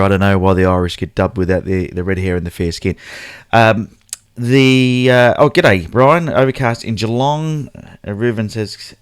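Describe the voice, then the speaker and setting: Low-voiced Australian man, chatty host. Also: clear, resonant tone, dry recording, clean studio sound. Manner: chatty, greets viewers by name, rambling asides. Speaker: photography livestream host. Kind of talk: casual live-stream chat.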